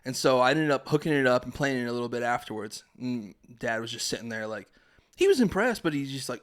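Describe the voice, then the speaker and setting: Young guy hosting a podcast, chill storytelling, laughs a lot, mid-pitched voice. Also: fast talker. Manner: animated, laughing, acts out family voices. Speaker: podcast host. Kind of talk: casual storytelling chat.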